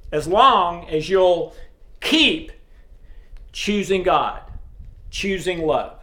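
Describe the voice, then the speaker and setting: A man's voice: sits high, bright, forceful tone. A middle-aged man giving a sermon in a plain conversational teaching way, often checking in with his listeners. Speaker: preacher. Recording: roomy echo.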